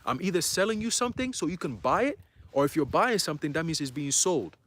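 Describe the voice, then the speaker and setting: A man's voice: on the high side, lively intonation, fast talker, fairly bright tone. A man preaching a livestreamed church sermon, fiery and profane, driving each point home with "all right?" and "okay?".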